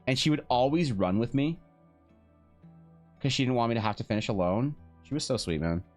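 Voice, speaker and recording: A man's voice: medium pitch, animated, brisk, darkish tone, faint music behind. A man chatting casually on a live art stream, telling rambling stories, swearing freely and laughing often. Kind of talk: casual chat while drawing on stream.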